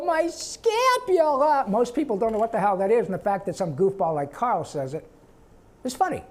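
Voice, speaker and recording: A voice actor answering audience questions at a live panel, animated and quick to slip into character voices. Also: male voice, sits high. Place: event stage before a live audience.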